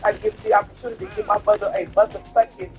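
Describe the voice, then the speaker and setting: A man's voice: high voice, sing-song, very fast, darkish tone, soft background music. A tipsy man telling a personal story in a casual way, emphatic, repetitive and profane.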